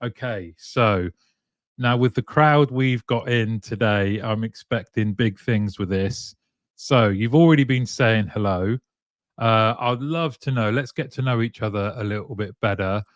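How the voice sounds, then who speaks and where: A man's voice: lowish voice, unhurried, no echo, studio quality. A man hosting a live stream, chatting casually and greeting viewers one by one by name, with plenty of ums. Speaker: live show host.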